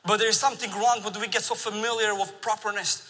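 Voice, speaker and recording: Bright-voiced man preaching in a hall. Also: sits high, fairly quick. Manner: animated storytelling with laughs. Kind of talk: sermon. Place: large church sanctuary. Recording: long reverb of a large church hall.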